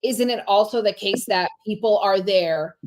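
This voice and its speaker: A woman's voice: medium pitch, normal speed, a loud crowd. Chatty woman who rambles. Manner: rambling, many restarts and fillers. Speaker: podcast co-host. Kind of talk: casual chat.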